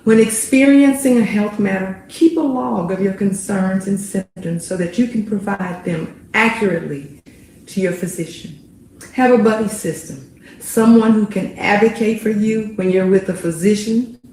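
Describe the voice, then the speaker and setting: A woman's voice: mid-range voice, a little mellow. Solemn woman in an echoey room. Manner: measured, solemn delivery. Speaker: physician. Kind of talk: reading a prepared apology. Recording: very echoey room with faint noise.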